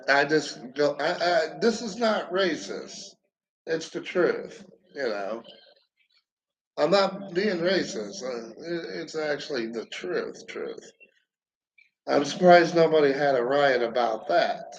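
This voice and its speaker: A man giving a rambling stand-up comedy monologue, halting and profane, with lots of fillers and restarts. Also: fairly high pitch, animated, rough recording. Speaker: amateur comedian.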